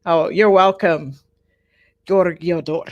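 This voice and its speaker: A woman teaching a live online Japanese class, patient and repeating each word slowly for her learners. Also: lowish voice, fairly even intonation, a little mellow, dry recording, muffled recording.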